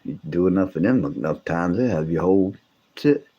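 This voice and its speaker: A man, hosting a casual livestream, rambling and swearing as he talks to his viewers, his voice gone deeper from coughing. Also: expressive, moderate pace, mellow, husky, lo-fi sound. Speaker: livestream host.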